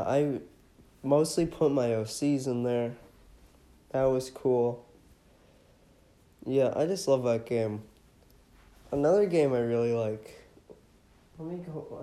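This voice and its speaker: A man rambling excitably and casually about his favorite video games, with frequent giggles. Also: mid-range voice. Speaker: vlogger. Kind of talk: casual enthusiastic chat.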